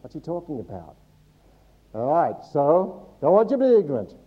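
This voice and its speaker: Man, pastor, sermon in church, high voice, quizzes the congregation, jokey asides, muffled lo-fi sound. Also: very animated, moderate pace. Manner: teaching Bible, quizzing the congregation with humorous asides. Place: church service before a congregation.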